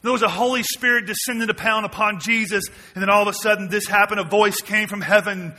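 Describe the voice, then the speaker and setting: Bright-voiced pastor in his forties. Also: steady tone, a little fast. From Mississippi, US. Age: 40s. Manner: swings from quiet and low to loud and emphatic, asks the church questions. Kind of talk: sermon. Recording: long reverb of a large hall.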